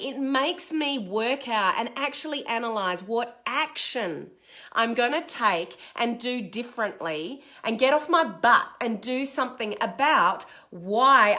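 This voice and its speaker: A middle-aged Australian woman coaching on a live stream, direct and full of energy. Her voice sits a little high and sounds bright and forceful. She talks straight at her viewers and answers their comments as she goes. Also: lively intonation, moderate pace. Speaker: online business coach. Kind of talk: motivational Facebook Live talk.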